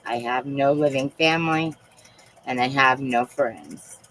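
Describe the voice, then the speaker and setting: A woman with a notably low voice speaks softly and haltingly from home, pausing often as she confides in her viewers. Her delivery is emotional and personal over a phone or webcam mic, with a faint hiss of noise underneath. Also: rough recording. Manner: soft-spoken and halting, with frequent pauses. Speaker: live streamer. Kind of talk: casual live-stream chat.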